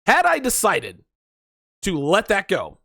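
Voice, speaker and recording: A man's voice: high voice, wildly swooping pitch, takes it slowly, gravelly, pushed and bright, no echo, studio quality. A man hosting a dating advice stream, talking in a crude, profane, rambling solo monologue and repeating himself for emphasis.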